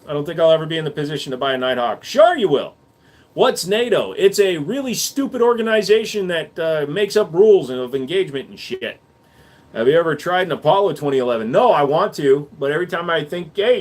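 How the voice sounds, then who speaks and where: A man's voice: a little high, animated, brisk. A man hosting a casual livestream, answering chat questions in a blunt, offhand, joking way.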